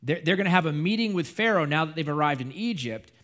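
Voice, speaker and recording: Storytelling male preacher, slightly high voice. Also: fast. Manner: lively storytelling retelling a scripture narrative. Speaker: pastor. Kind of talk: sermon.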